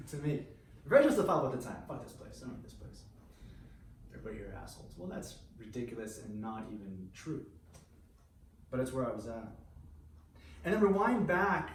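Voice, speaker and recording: Blunt profane man in echoey room. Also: medium pitch. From United States. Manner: blunt, profane, animated storytelling. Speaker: speaker giving a talk. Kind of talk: candid freestyle talk. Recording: roomy echo, mic at a distance, faint noise.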